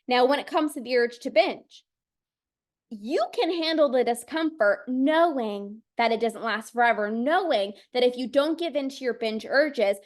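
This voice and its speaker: A young woman coaching live on binge eating, talking with energy and acting out inner voices. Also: high-pitched. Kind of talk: motivational live-stream talk.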